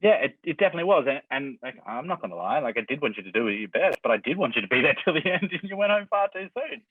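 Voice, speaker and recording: Enthusiastic Australian interviewer on tinny line. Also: male voice, on the high side, big pitch swings, fast, husky, dry recording. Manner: enthusiastic, swears casually. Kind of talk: casual interview questions. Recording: tinny phone-like sound.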